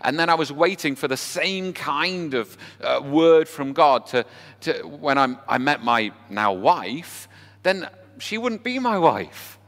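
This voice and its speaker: Preacher in an echoing hall. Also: male voice, on the high side, lively intonation, takes it slowly, a bit bright. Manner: conversational, asks the congregation rhetorical questions. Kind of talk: sermon. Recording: long hall reverb with faint music.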